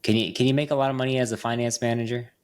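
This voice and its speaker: A man's voice: mid-range voice, flat delivery, racing, clear, resonant tone. A man hosting a podcast, telling stories in a chatty way, with many fillers and restarts. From Las Vegas. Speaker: podcast host. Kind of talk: casual chat.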